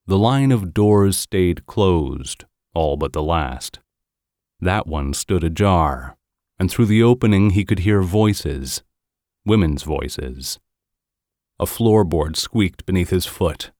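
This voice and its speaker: A man narrating an audiobook in a measured, even storytelling manner. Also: deep voice, no room sound, studio quality.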